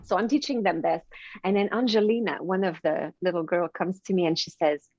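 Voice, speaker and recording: A woman from Canada, a guest on a podcast, telling stories in an animated way and often repeating words. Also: fairly low pitch, a little fast, no echo. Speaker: podcast guest, confidence coach. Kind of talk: casual interview storytelling. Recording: dry, dull lo-fi sound.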